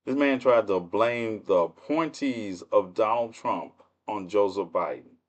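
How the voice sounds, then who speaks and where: A man's voice: fairly low pitch, a little slow. A man hosting a livestream with casual political commentary, speaking in with a mocking, laughing, rhetorical manner. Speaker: livestream host.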